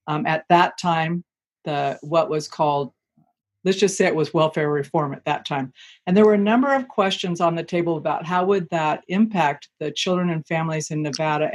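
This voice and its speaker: A woman hosting a podcast, earnestly introducing her guest and recalling meeting her. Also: low voice. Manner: warmly appreciative, earnest. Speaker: podcast host.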